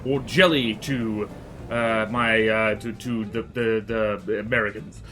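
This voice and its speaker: A man streaming a game live, chatting casually and reading chat, yelping and rambling excitably. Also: fairly low pitch, slow, faint music behind.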